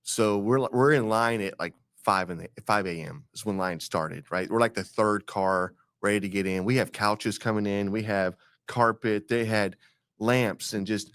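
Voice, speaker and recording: A man's voice: fairly low pitch, normal speed, fairly bright tone, smooth, no echo. A man with a Texan accent co-hosting a barbecue podcast, talking in a laid-back, rambling way with teasing asides. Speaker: podcast co-host. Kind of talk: casual chat.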